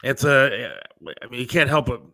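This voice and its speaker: Bright-voiced joking talk show host. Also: male voice, mid-range voice, moderate pace. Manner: teasing, joking. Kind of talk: casual talk show chat.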